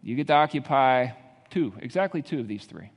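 A man's voice: medium pitch, expressive, fairly quick, in a large hall. A man preaching a sermon, building intensity with rhetorical questions. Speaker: pastor.

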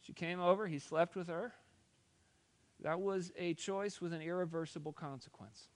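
A man's voice: sits high, fairly even intonation, moderate pace. A man preaching a sermon, retelling scripture in a conversational storytelling way.

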